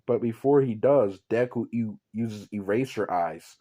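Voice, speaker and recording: Male storyteller, deep dark voice, slow, rambling and profane; casual fan story.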